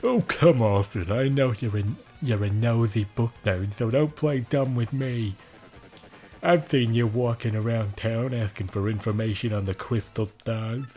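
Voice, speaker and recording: A man voicing a pompous, scheming male villain commander who bosses and sneers in drawn-out threats. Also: medium pitch, a little mellow, faint music behind, natural voice. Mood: menacing.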